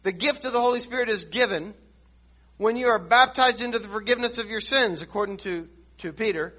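Male preacher, high and bright, teaching sermon, emphatic, restarts often. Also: fairly quick. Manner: reads and explains scripture verse by verse.

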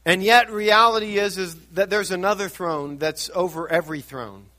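A high-pitched older man preaching with a bright, forceful edge. He swings from quiet, intimate passages to loud, urgent emphasis. His pulpit delivery is dynamic and earnest. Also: moderate pace. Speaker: pastor. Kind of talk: sermon.

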